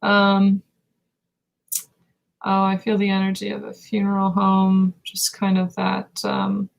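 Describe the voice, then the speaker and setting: A woman gives a live spiritual reading in a gravelly, fry-laden voice. She talks slowly and meditatively, and her pitch stays level and even. She halts often and reaches for words between pauses. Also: rough recording. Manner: slow, meditative, halting with pauses and fillers. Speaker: intuitive reader.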